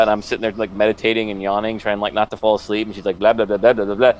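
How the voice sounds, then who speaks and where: A man's voice: lowish voice, little pitch movement, rapid-fire, a little mellow, slight background noise. A man telling stories in a rambling, self-mocking way in casual podcast chat, often laughing.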